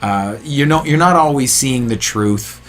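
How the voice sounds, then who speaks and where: A man's voice: mid-range voice, unhurried. A man co-hosting a casual chat, joking and acting out quotes in different voices. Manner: animated, teasing, acts out quotes in voices. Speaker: co-host.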